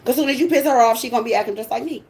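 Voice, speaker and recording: A woman's voice: a little high, racing, darkish tone. A woman hosting her tarot channel, giving a blunt, sassy, profane monologue in casual talk.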